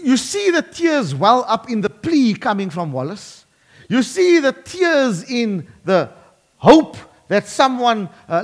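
A man preaching a sermon, emphatic and slowing down dramatically to drive points home. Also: sits high. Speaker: pastor.

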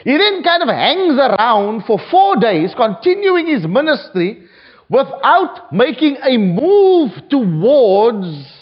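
A man's voice: very high-pitched, sing-song, slow. A man preaching a sermon, reading scripture aloud with a dramatic delivery, from South Africa. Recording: dull lo-fi recording.

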